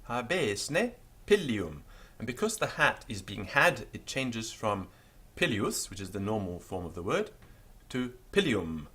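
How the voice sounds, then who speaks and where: A man's voice: normal speed, hardly any pauses, slightly rough. A man teaching a beginners' language lesson, patiently spelling out words letter by letter. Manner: lively pitch, stresses example words.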